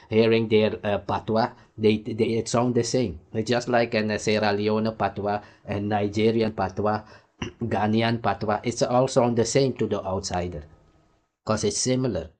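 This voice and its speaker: A man's voice: fairly low pitch, a little mellow. A man from Suriname hosting a reaction video, talking in a rambling, casual way and acting out conversations in raised voices. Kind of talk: casual commentary.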